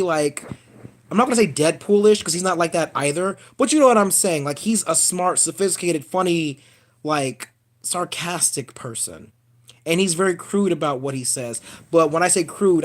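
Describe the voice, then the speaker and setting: A man ranting casually on a live stream, animated and profane, calling his viewers y'all. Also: on the high side. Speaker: vlogger.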